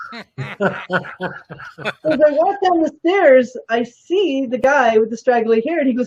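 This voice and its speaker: A woman's voice: high-pitched, animated, normal speed, long pauses, mellow, breathy edge, dull audio. A woman guest telling a story in casual talk, animatedly acting out the voices of the people she quotes.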